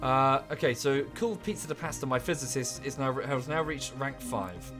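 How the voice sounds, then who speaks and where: A man thinking aloud at his desk mic as he plays a strategy game on a live stream. His talk is chatty and rambling, full of offhand asides, at a middling pitch with faint music underneath. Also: lively intonation, moderate pace. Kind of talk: casual live-stream commentary.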